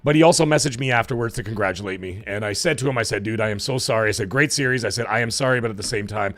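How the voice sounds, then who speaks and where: A man with a hoarse, cracking voice hosting a live stream, chatting casually and rambling with fillers as he thanks viewers. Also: fairly low pitch, racing, few pauses, a bit bright, faint music behind. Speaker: livestream show host.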